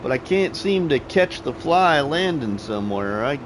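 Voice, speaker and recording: A middle-aged man hosting a live game stream, chatting casually with viewers in an easygoing way while he thinks out loud. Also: fairly high pitch, big pitch swings, moderate pace, background noise. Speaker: live-stream gaming host.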